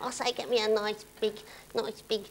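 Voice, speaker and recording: A woman's voice: on the high side, level tone, normal speed, close to an everyday voice. A woman doing an impression of a brassy, saucy older soap actress, with cheeky, bawdy giggles. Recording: loud background noise.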